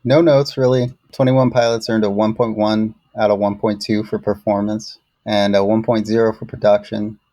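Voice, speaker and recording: Low-ish guy reading song ratings, dry and measured, super dead room. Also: level tone, dark tone, no room sound. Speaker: co-host reviewing songs. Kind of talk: scripted podcast review.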